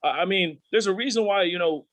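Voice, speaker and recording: Profane, animated man telling stories. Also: high-pitched, a little fast, no room sound, poor audio. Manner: profane, animated, acts out voices of peers. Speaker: podcast guest. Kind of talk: candid storytelling.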